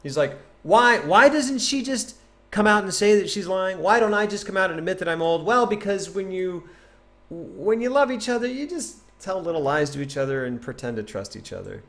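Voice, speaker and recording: A man casually teaching a poem on a livestream, chatty and animated, thinking aloud and tapping out rhythms. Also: high-pitched, moderate pace. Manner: taps out rhythm with nonsense syllables. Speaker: streamer explaining a poem.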